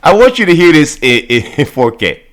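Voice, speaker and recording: A man hosting reaction commentary, mocking and animated, with stammering repetitions. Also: a little high, a little fast. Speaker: host.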